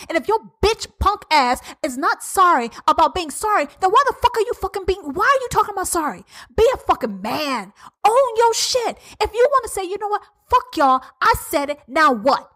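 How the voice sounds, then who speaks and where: A woman's voice: very high-pitched, sing-song, normal speed, bright, forceful tone. A woman hosting her own podcast, ranting bluntly and profanely in an uncensored solo talk. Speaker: podcast host.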